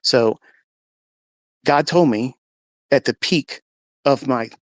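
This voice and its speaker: A man's voice: medium pitch, slow pace, dry recording. A man telling an emotional personal testimony in an earnest storytelling way, acting out the dialogue. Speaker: speaker sharing a testimony.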